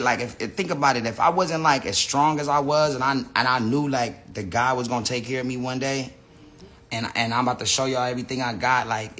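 A man's voice: on the high side, sharp tone. Slangy, rambling American man on a livestream. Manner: slangy, rambling with restarts and profanity. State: says he is high. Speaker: live streamer. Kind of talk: casual livestream rant. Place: indoor room with a big screen. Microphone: phone livestream.

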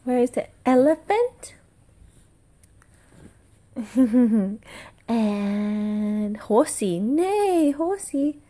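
Woman, mother at home with a toddler, very slow sing-song quizzing, mellow and a bit high. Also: lively intonation. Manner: slow sing-song questions, praise and animal noises. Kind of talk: quizzing a toddler with flash cards.

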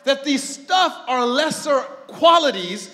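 A male pastor preaching an animated sermon, telling stories, mimicking people and shouting for emphasis. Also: extremely high pitch, slow. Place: church sanctuary. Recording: echoey church hall.

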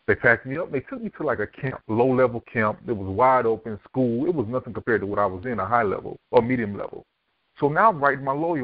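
A man's voice: mid-range voice, animated, quick pace. A man from Miami, Florida, a podcast guest telling his life story and acting out the voices of people in it. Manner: vivid storyteller who acts out quoted dialogue. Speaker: podcast guest, author and speaker. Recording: dry, tinny phone-like line.

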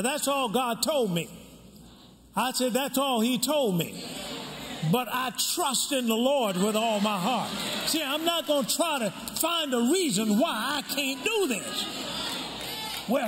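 An older man, a pastor, preaching a sermon with call and response and shouting out to the crowd. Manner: swings from shouts to low storytelling asides. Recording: reverberant hall, faint room noise.

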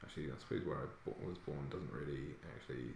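Posh english guy chatting on an art stream, laughs a lot, deep voice. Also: fast, gravelly, darkish tone, echoey room, slight background noise. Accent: posh southern English. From Hampshire, England. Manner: chatty, self-mocking, laughs often. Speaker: fantasy artist streaming live. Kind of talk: casual chat while drawing.

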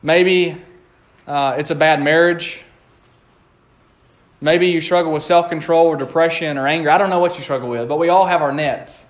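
A man's voice: fairly high pitch, steady tone, normal speed, pauses often. A man preaching a conversational sermon in a church, playful and laughing often as he acts out quotes.

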